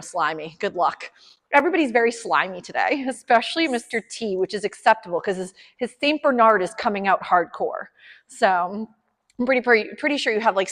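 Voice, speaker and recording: A woman's voice: medium pitch, fairly bright tone, big-room sound. A woman dog trainer explaining a session to her clients, upbeat, chatty and encouraging.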